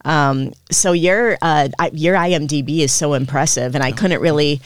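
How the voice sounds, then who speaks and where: Higher-voiced hesitant podcast co-host man. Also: moderate pace, clear, resonant tone, dry recording. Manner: hesitant, with fillers and restarts. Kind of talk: casual podcast chat.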